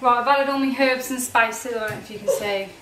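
A pregnant woman chats candidly to her camera while she gets on with her day at home. Her voice sits a little high, and the room is echoey. Clear household noise runs under her talk. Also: fairly quick. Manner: chatty and candid, talks to a toddler in between. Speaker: vlogger. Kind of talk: casual chat to camera. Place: home, in a kitchen.

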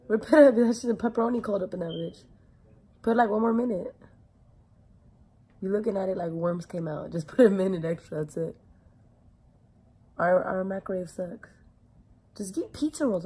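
A woman's voice: medium pitch, warm tone, breathy edge. A young woman talking casually through a makeup tutorial in a chatty, filler-heavy way, with some swearing. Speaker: beauty vlogger.

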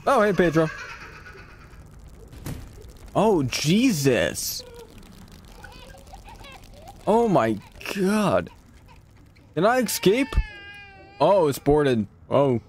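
A man's voice: a little high, sing-song, drawn-out words, long pauses, darkish tone, a little hiss or hum. A man streaming a horror game, reacting to scares, swearing at the game and talking back to what he sees on screen. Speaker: gaming streamer. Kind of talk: horror game let's play commentary.

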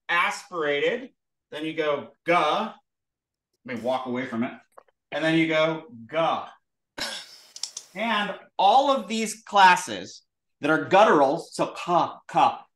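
A man with a high, animated voice leads a class, sounding out syllables for students to repeat. The room rings with a roomy echo. His delivery is demonstrative and lively. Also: recorded from a distance. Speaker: Sanskrit teacher. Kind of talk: classroom lesson with call-and-response.

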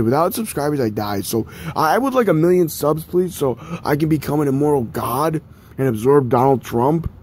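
A man's voice: on the high side, a little mellow, slight background noise. A young man rambling in a casual vlog about his DVD collection, swearing often and mocking himself. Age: young adult. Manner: profane, rambling, self-mocking. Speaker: collector showing DVDs.

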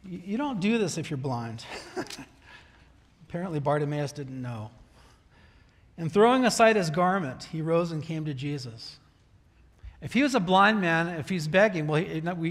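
High-voiced pastor preaching in reverberant church hall. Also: male voice, expressive, normal speed. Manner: conversational preaching with restarts, acting out prayers. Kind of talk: sermon. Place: church sanctuary.

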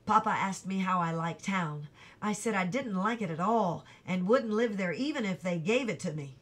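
Here an audiobook reader, a woman of medium pitch, tells a novel's chapter in a measured, leisurely way, never rushing the story.

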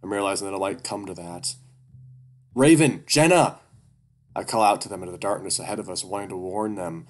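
Man, audiobook horror narration, first person, very deep voice, monotone delivery. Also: quick pace, few pauses, faint music behind.

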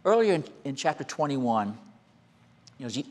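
A man in his sixties, a senior pastor, preaching a sermon and telling a childhood story, moving between quiet asides and raised, emphatic calls. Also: medium pitch, sing-song, moderate pace. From American. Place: church sanctuary. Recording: long hall reverb.

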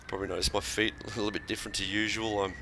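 Man, very low voice, calm sim racing commentary, heavy game noise behind. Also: racing, gravelly. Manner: calm, focused, talks in short bursts between corners. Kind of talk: live racing commentary while driving. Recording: noisy game audio behind.

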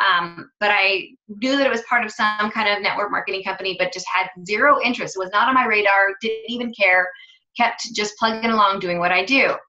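Woman fitness coach, casual storyteller, animated, sharp tone, echoey room. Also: mid-range voice, fairly quick, muffled recording. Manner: chatty, animated, acts out quoted dialogue.

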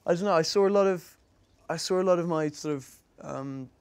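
In a school room full of pupils, a young actor from England fields their questions with a smooth, slightly high voice, talking a little fast with no echo. His answers ramble casually, he pokes fun at himself, and he laughs frequently.

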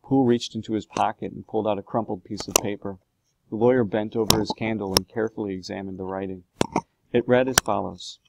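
A man reading a classic novel aloud as a steady storybook narrator. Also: on the low side, brisk, creaky, very noisy. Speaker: audiobook reader.

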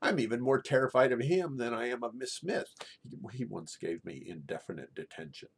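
A middle-aged man telling a true personal story in a halting way, often repeating and restarting his words. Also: mid-range voice, lively intonation, breathy edge.

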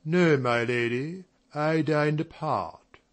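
A man playing a composed, dignified butler who answers with measured formality. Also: a little high.

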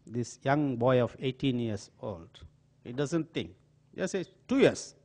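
Older Indian-accented diplomat lecturing an audience, animated storyteller with a lively pitch. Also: male voice. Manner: storytelling with acted quotes and pauses, some filler hesitations. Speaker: diplomat giving a talk. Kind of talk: anecdotal lecture. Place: auditorium.

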